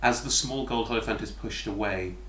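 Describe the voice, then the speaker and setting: A British man running a tabletop game as dungeon master, narrating scenes slowly and vividly between bursts of laughter. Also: fairly low pitch, fairly bright tone. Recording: roomy echo, faint background noise.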